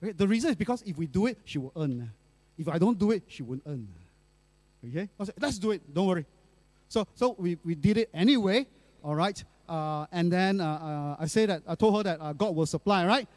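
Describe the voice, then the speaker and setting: A man's voice: sits high, animated, brisk, a little mellow, no echo. A middle-aged male pastor, telling a personal story in a sermon in a chatty way, full of fillers and tag questions.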